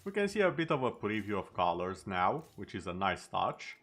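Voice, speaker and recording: Low-voiced man chatting while gaming. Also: big pitch swings, normal speed, a bit bright. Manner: chatty, with sarcastic asides. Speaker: streamer. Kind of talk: casual gameplay chat.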